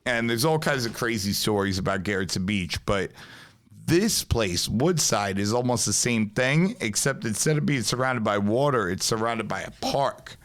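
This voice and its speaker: Low-voiced guy with a new york accent, cursing, animated, telling stories on a podcast. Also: moderate pace. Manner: profane, storytelling, animated. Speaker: pizzeria owner, podcast guest. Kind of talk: casual chat.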